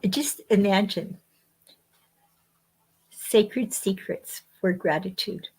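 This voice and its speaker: A woman speaks as a guest author on spiritual matters. She talks in an unhurried, measured way, pausing between short phrases. Her pitch sits in an ordinary middle range. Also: a little mellow, husky. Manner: slow, measured phrasing with frequent pauses. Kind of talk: spiritual teaching talk.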